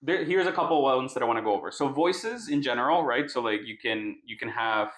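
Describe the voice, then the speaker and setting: A man's voice: mid-range voice, lively intonation, a little fast, fairly bright tone. Chatty man with an echoey room sound. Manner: explains with many "right?" tags. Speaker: podcast co-host. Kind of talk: casual chat.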